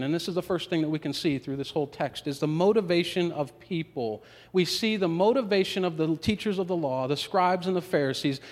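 A man preaching a sermon as a pastor, building with swells of emphasis and dramatic pauses. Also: fairly high pitch. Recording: long reverb of a large hall.

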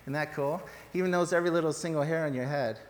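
A man's voice: a little high, fast. A man preaching an informal sermon in a church, chatty and joking, with fillers and restarts. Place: church sanctuary. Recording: reverberant church hall, faint background noise.

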